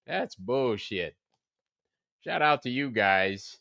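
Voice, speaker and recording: Male stream host, mid-pitched, close dry mic; a loose, profane, laughing recap chat. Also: expressive, a little slow, fairly bright tone, no echo. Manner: loose, profane, laughs often, greets chatters by name. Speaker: livestream host. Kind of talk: casual livestream recap chat.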